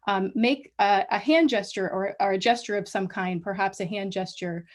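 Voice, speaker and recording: A woman giving an academic colloquium talk over a video call, measured and full of small restarts. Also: medium pitch. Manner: measured, many ums and restarts. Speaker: guest lecturer.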